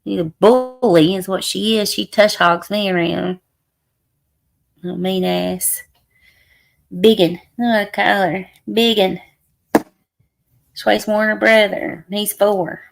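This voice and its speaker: Hoarse, gravelly woman, slow talk. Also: medium pitch, steady tone. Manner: laughs often, reads and answers chat. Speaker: livestream host. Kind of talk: casual chat with viewers.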